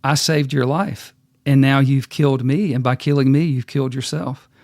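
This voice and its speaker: A man's voice: medium pitch, steady tone, moderate pace, vocal fry, a little mellow, no room sound, clean studio sound, close to an everyday voice. A man voicing a kind, trusting young male frog in a spoken fable, talking in a hesitant, reasoning way. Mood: bewildered.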